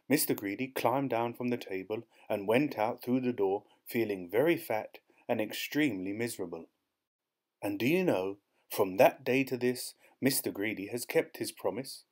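A man reads a children's picture book aloud in a playful, expressive way. His voice sits at an ordinary middle pitch. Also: normal speed. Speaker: storyteller. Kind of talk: children's story reading.

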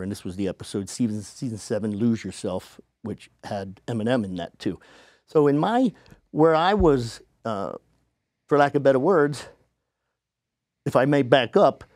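A man, a podcast guest, telling a story casually and acting out the people he quotes in a higher voice. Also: darkish tone, no room sound, clean studio sound. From United States.

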